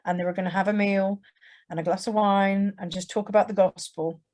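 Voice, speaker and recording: A woman's voice: mid-range voice, fairly even intonation, a little fast, darkish tone. A young English woman telling her testimony to a church audience in a conversational way, with frequent restarts and acted-out quotes. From England. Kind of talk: personal testimony told to an audience.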